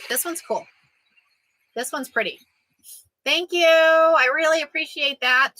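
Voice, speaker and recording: Her voice sits high, sounding pushed and bright on a low-quality recording. During a casual live chat, the quilting vlogger stays chatty and jokey, reading out sayings and answering her viewers.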